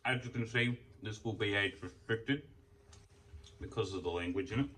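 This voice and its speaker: A young man telling an animated, foul-mouthed story as a casual vlog while he eats. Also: lowish voice, normal speed, far from the mic, background noise. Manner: heavy swearing, animated storytelling. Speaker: food vlogger. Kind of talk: casual ranting while eating. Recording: voice off from the mic.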